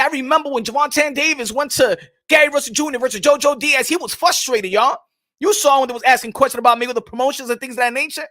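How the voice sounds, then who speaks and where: A man hosting a boxing livestream, ranting and giving shout-outs to chat in a loud, profane, hyped way; English is his second language. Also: very high-pitched, fast, no echo, clean studio sound. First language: Spanish. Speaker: boxing show host.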